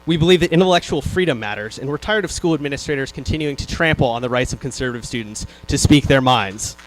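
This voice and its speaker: A man's voice: mid-range voice, quick pace, noisy background. A young man, vice president of a student club, giving an indignant, rousing introduction speech at a rally on stage in a hall. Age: young adult.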